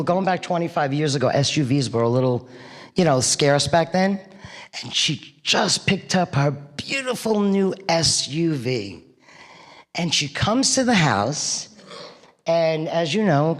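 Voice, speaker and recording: Speaking from a low register, a middle-aged New York woman delivers a eulogy packed with funny memories. She's a chatty storyteller who laughs her way through each tale, and the church hall adds a long reverb.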